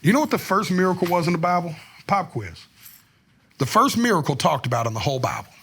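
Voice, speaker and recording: A man's voice: high-pitched, big pitch swings, fast, a bit bright, slightly rough. A man, a guest musician telling stories in a candid, rambling, slangy way full of "like" fillers, recorded on a studio microphone. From Tennessee, US. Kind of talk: casual storytelling interview. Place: podcast studio.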